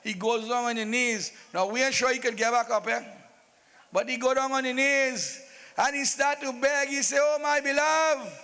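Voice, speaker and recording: A man's voice: very high-pitched, steady tone, moderate pace, pushed and bright, smooth, long reverb tail. A man narrating a live staged epic with humorous asides to the devotees. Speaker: Ramleela narrator.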